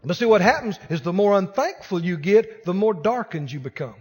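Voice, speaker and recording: A man's voice: high-pitched, lively intonation, fairly quick, darkish tone, husky. A man preaching a sermon, pressing his points with emphatic repetition and speaking directly to the congregation. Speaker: pastor. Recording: long hall reverb.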